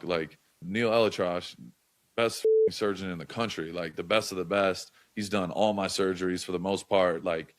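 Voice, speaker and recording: A young man in casual storytelling mode as a podcast guest, talking in an animated way, loose and full of slang and filler words. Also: low voice, moderate pace.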